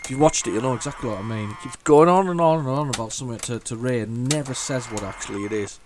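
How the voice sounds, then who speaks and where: A man hosting a retro gaming channel, rambling through casual gameplay commentary, thinking aloud with many restarts and bursts of excitement. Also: medium pitch, quick pace, a little hiss or hum. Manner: excitable bursts over the game.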